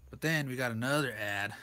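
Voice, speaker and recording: A man's voice: medium pitch, pushed and bright. A man reviewing a comic book page by page in a loose, rambling way, chuckling often as he talks. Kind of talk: casual comic commentary.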